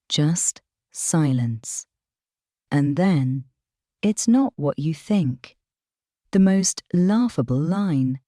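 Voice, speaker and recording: Slow, lively-pitched woman storyteller. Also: no room sound, studio quality. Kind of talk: scripted first-person storytime narration.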